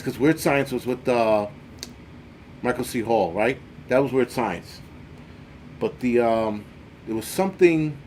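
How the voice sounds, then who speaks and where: A man's voice: medium pitch, a little hiss or hum. Profane, rambling man hosting a livestream. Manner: profane, rambling, jokey, quick swings in loudness. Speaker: livestream host. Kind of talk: casual livestream chat reading viewer comments.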